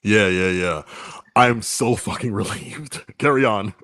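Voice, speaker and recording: A man co-hosting a casual music review chat, telling stories in an animated, profane way with frequent laughs. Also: fairly low pitch, unhurried, no echo, studio quality. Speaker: podcast co-host.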